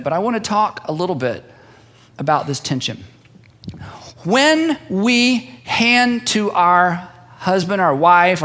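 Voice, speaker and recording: A man's voice: sits high, a bit bright. A middle-aged man preaching a sermon, telling stories and acting out family members' voices with repeated build-ups. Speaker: pastor.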